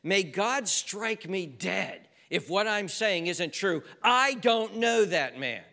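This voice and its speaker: A man voicing a frightened male disciple who swears a desperate oath, loud and pleading. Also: high voice, expressive, slow, voice pushed up, exaggerated voice. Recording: reverberant hall.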